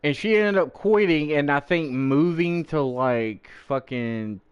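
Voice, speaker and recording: A gaming streamer chats casually while playing, telling a story, swearing freely, and animatedly acting out the people he quotes. His voice is on the high side, a little slow, with a clean tone, though the highs are cut off.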